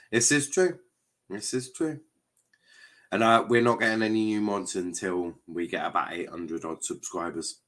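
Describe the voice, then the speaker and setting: Hosting a live football watchalong stream, a man chats to viewers, reacting with exasperation and swearing often. His voice is fairly low and a bit bright.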